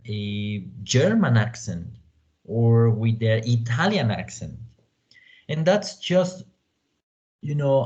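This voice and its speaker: Male teacher from Mexico, lecturing slowly on dull, lo-fi audio. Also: mid-range voice, darkish tone. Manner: deliberate, repeats "you know" as a filler. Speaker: language teacher. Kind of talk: online class lecture.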